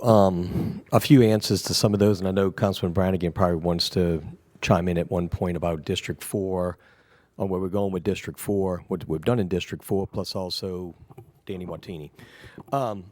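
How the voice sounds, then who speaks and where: A man who is recovering from an illness, answering questions at a city council meeting in a rambling, reassuring way that often trails off quietly. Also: low voice, moderate pace, no echo, clean studio sound. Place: council chamber.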